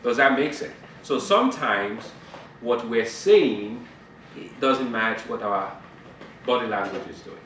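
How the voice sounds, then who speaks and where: A man's voice: mid-range voice, lively intonation, unhurried, fairly bright tone, slight background noise. A middle-aged man teaching a couples group about communication in a conversational way, laughing and acting out dialogue. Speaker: marriage counselor. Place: fellowship meeting room. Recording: roomy, from a distance.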